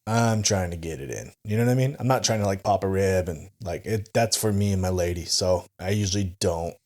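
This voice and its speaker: A man's voice: low-pitched, a little fast, darkish tone. A man co-hosting a podcast in joking, laughing banter full of slang. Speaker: podcast co-host. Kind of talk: casual podcast chat.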